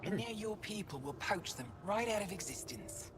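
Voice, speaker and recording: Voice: medium pitch, expressive, normal speed, noisy background, natural voice. A grave, wary alien researcher, as an actor plays it. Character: wary alien researcher, bitter about loss.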